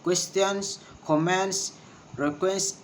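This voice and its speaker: A man slowly reading English pronunciation lesson notes aloud, carefully sounding out words. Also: high voice, fairly even intonation, a little hiss or hum. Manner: slow, careful reading with word drills.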